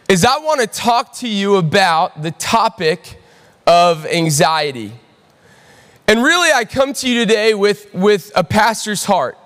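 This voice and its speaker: Long auditorium reverb lingers after every line as a young pastor with a very high voice preaches to a crowded church. His sermon is a lively, animated story, and he repeatedly calls out to the audience to check in with the room.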